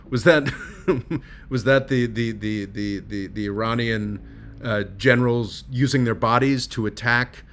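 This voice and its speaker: A tired man hosting a casual livestream and reading viewer comments aloud, rambling and halting with many fillers, sardonic and laughing at his own jokes. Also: mid-range voice, fairly bright tone, soft background music. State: tired and low. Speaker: livestream host reading super chats.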